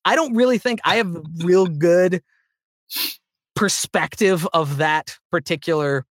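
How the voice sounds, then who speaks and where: A man talking as a guest in a casual interview about voice acting, with animated high energy. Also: measured pace, no echo, clean studio sound. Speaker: voice actor guest.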